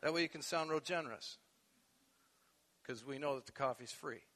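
A male pastor preaching a sermon, animated, swinging from soft conversational asides to loud emphatic peaks. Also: medium pitch, moderate pace. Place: church sanctuary. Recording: long echo of a large hall.

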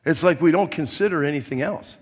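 A middle-aged man, a pastor, preaching a sermon to his congregation in a chatty, joking way, with a hoarse, coughing throat. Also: fairly high pitch, fairly quick. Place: church sanctuary. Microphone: mic at the pulpit, then a handheld mic. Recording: long hall reverb.

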